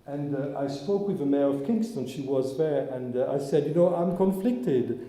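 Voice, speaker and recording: Rabbi, male, earnest reflective sermon, mellow dark tone, reverberant hall. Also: mid-range voice, moderate pace. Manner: earnest, searching, with frequent restarts. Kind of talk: informal sermon talk with the congregation. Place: synagogue hall. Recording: echoey hall, long reverb.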